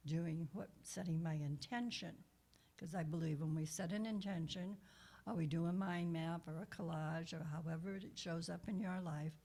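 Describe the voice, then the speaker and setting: An older woman, a guest minister, telling a personal story in a conversational sermon, with soft asides and frequent restarts. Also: fairly low pitch, creaky. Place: church.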